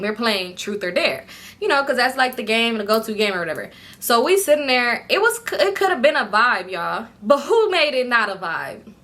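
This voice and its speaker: Young woman, storytime vlogger, bright voice, slightly high, animated and profane. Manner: animated, profane, acts out quotes. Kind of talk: casual storytelling.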